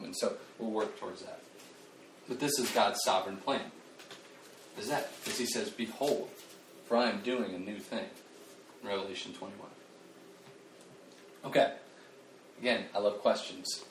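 A man preaching a casual sermon, animated and conversational, joking at his own expense and restarting his sentences often. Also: fairly low pitch, moderate pace, long pauses, a little hiss or hum. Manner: animated, conversational, self-deprecating, with frequent restarts and fillers. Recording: roomy, distant mic, faint ambience.

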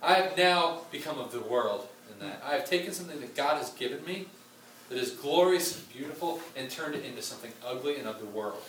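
A man's voice: mid-range voice, expressive, brisk, fairly bright tone, a little hiss or hum. A man preaching a sermon in a conversational way, with frequent fillers and asides, recorded from a distance in a church hall. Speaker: pastor. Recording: roomy sound from a distant mic with faint ambience.

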